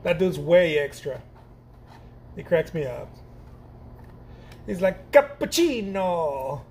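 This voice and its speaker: A middle-aged man from Mexico teaching painting in a casual, excitable, slangy way, laughing often and repeating himself. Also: fairly high pitch, slow, slight background noise. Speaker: painting instructor. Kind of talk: casual chat while painting.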